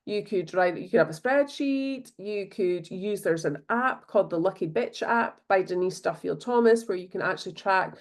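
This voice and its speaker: A woman's voice: mid-range voice, normal speed, few pauses. A Scottish woman hosting a solo podcast, talking in a bubbly, chatty way with many fillers. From Scotland. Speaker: podcast host. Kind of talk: casual solo podcast talk.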